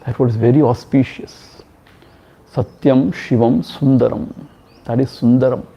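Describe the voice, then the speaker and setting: A man's voice: medium pitch, steady tone, measured pace, vocal fry, husky. A man with an Indian English accent leads a spiritual discourse at a retreat, telling stories and driving points home with emphatic repetitions. His voice sits in a middle range. The recording is muffled and lo-fi. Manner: storytelling, emphatic repetitions, chants in Sanskrit. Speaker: swami teaching a retreat. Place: ashram hall. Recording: dull lo-fi sound.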